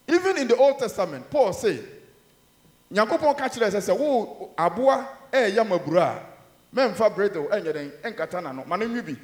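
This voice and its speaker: A man with a Ghanaian accent preaching a sermon in a church, mixing Twi and English, emphatic with loud rises and low murmurs. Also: reverberant.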